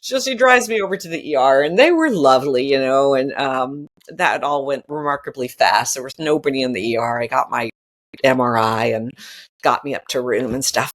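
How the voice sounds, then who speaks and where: A woman's voice: very deep voice, a little fast. A woman in her sixties tells a personal story as a podcast guest. Her voice rises and falls widely, and she often laughs and acts out the lines of the people in the story. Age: 60s. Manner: animated, laughing often, acting out quoted dialogue. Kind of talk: storytelling in casual conversation.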